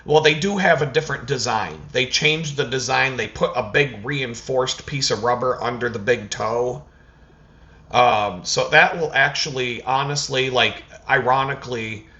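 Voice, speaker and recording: A man's voice: medium pitch, muffled recording. A man telling a story in a casual vlog rant, swearing often and acting out what people said to him. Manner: profane, animated storytelling with acted-out quotes. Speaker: vlogger.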